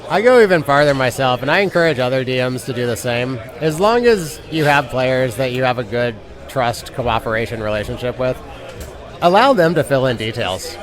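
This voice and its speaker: A man on a live panel who gives relaxed, practical advice about running games and swears now and then. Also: mid-range voice, moderate pace. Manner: relaxed, advisory, mildly profane. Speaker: veteran dungeon master guest. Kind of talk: casual panel chat. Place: outdoor festival stage. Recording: live outdoor recording with crowd. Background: crowd chatter.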